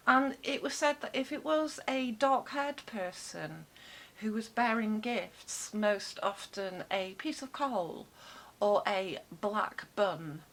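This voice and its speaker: A woman vlogger putting on an exaggerated Scottish accent, playful and leaping up high in pitch. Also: a bit bright. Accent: put-on Scottish. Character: the vlogger herself in mock Scottish.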